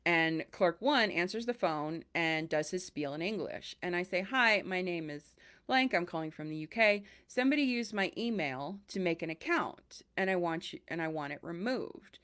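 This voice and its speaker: In a lowish voice at a normal speed, this podcast host chats casually and tells stories with plenty of animation. Whenever she quotes someone, she acts out their voice.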